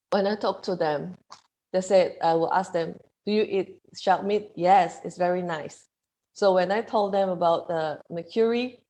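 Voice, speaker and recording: A woman with a slightly low voice talks on a video call as a panel guest. She speaks earnestly, often halting and restarting her phrases. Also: darkish tone, poor audio. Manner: halting, repeats herself, earnest. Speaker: conservation panelist. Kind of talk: casual panel talk over video call.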